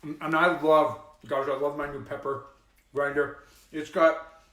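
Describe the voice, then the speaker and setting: Excitable bright-voiced man cooking at home. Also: on the high side, unhurried, roomy sound. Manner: excitable, exclaiming and laughing often. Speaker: home cooking show host. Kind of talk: casual cooking livestream chat. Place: home kitchen.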